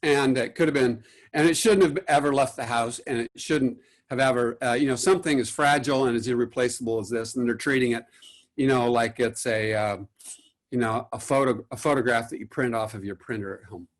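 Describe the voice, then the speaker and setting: A man's voice: mid-range voice, fairly even intonation, fairly quick. A man who works as an art conservator, giving a lecture and telling a story with many fillers and restarts, acting out what other people said. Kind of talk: recorded lecture with anecdotes.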